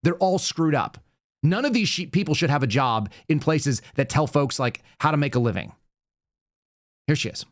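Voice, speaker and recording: A man's voice: fairly high pitch, lively intonation, moderate pace. A man hosting a political commentary show, talking in a ranting, sarcastic way. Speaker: show host.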